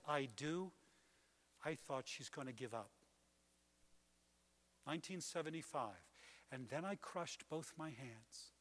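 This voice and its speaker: An older man preaching a sermon as pastor, swinging between hushed, intimate lines and booming declarations. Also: in a large hall.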